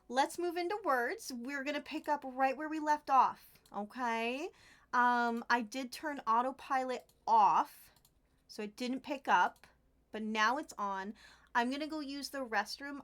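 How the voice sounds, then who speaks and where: High, slow, gushing woman streamer. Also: a bit bright. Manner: gushing and giggly, talks to viewers. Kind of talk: casual crafting livestream chat.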